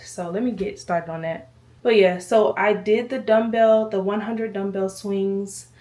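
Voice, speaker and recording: Heard from a distance in an echoey room, this woman's medium-pitched, darkish voice moves unhurriedly. She's vlogging at home, talking casually to the camera, rambling a bit breathlessly and addressing everyone as y'all.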